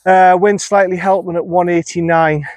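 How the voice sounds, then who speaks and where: A man's voice: high voice, little pitch movement, moderate pace, dry recording. A man giving running commentary while playing alone on an outdoor golf course, talking to himself and criticizing his own shots, recorded on a phone camera. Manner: self-critical, talks to himself. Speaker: golf vlogger.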